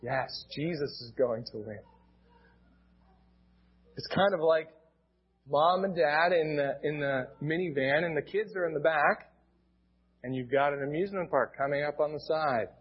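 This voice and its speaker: A man's voice: fairly high pitch, a little slow, pauses often, slightly rough, lo-fi sound. A male pastor with an American accent, preaching a sermon in a plain teaching tone and often restarting his words.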